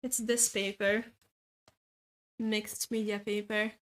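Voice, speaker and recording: A woman's voice: mid-range voice, level tone, slow pace, fairly bright tone, a little hiss or hum. A woman streamer with a French accent chatting casually with viewers while drawing, hesitant and full of filler sounds, laughing often. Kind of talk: casual chat, reading and answering viewer comments while drawing.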